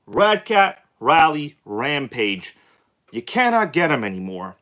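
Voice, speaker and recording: A man's voice: a little high, very animated, slow, sharp tone. A man hosting a live stream, talking casually with an upbeat, hyped-up manner and chatty asides to his viewers. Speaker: livestream host.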